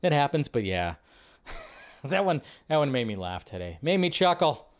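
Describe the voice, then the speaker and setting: A man hosting a live film news stream, chatting casually and rambling, often jumping from high excited bursts to low mutters. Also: moderate pace. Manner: rambling, animated, jumps between high and low.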